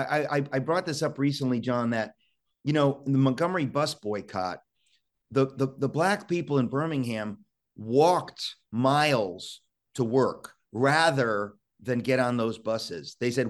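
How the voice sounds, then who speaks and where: Urgent talk show host, man. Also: mid-range voice. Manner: urgent, exhorting, frequent stammered restarts.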